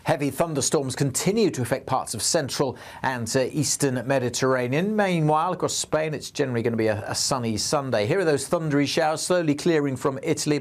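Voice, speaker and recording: Male forecaster, brisk scripted delivery, steady mid voice. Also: mid-range voice. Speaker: weather presenter.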